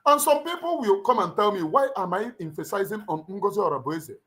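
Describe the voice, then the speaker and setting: A man's voice: high voice, animated, a little fast, bright, forceful tone. A middle-aged Nigerian man with a Nigerian accent, hosting a livestream in an emphatic, preacher-like way and repeating his lines for weight. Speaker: livestream host. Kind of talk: impassioned livestream address.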